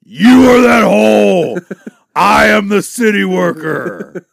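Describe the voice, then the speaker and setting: A man voicing a brash, boastful male pro wrestler who delivers slow, shouted promos in a gravelly voice. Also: high voice, animated, no room sound, voice pushed up, exaggerated voice.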